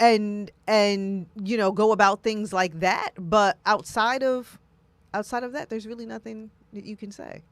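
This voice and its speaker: A woman talking casually on a talk show, animated and often acting out what she or others would say. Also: mid-range voice, no room sound. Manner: animated, acts out quoted voices.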